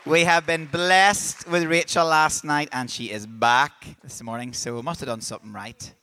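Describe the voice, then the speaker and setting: A man's voice: fairly high pitch, fairly even intonation, normal speed, sharp tone. A man hosting on stage, leading a prayer and hyping up the crowd. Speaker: host and worship leader. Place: stage in a large festival tent.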